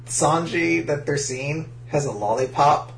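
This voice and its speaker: A man co-hosting a podcast, giggly, excitable and profane in casual chat. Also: a little high, a little slow, gravelly, a little hiss or hum. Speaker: podcast co-host. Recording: roomy echo.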